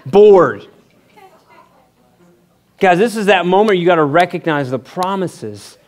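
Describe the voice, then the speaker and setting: A middle-aged man preaching a sermon as pastor, telling a personal story in an animated way and acting out the voices with big pitch jumps. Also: slow.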